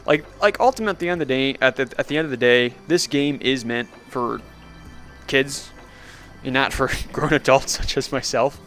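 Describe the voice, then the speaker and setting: A man's voice: mid-range voice, moderate pace, a bit bright, soft background music. A young man streaming a VR game live, commenting sarcastically and laughing often. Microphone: VR headset mic.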